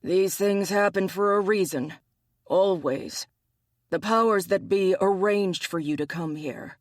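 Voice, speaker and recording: A male audiobook narrator with a high-sitting voice and measured pace voices a bear-shifter hunter, a wry, teasing man with a dry, needling manner. The recording is dry, with no room sound.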